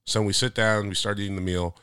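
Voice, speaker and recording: A young man co-hosting a podcast, telling stories in a casual, animated way that gets loud and high when he is worked up. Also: fast talker, clear, resonant tone, no room sound, studio quality. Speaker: podcast co-host. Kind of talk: casual chat.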